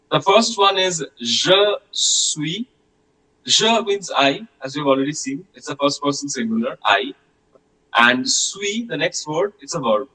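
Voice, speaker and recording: Male teacher, bright, slightly high voice, online class, patient drills. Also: poor audio. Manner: patient, repeats words slowly for pronunciation. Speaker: French language teacher.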